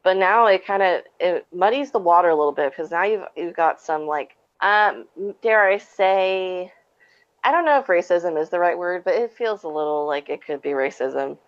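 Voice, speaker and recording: A woman's voice: on the low side, lively intonation, normal speed, smooth, no echo, dull audio. A woman chatting on a podcast, candid and wry, laughing at herself. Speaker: podcast co-host. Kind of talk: casual podcast chat.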